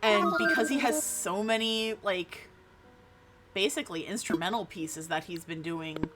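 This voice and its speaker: A woman's voice: medium pitch, measured pace, loud music behind the voice. A woman from New Jersey streaming live in a casual chat, cursing often and restarting her sentences. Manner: frustrated, swears freely, lots of restarts.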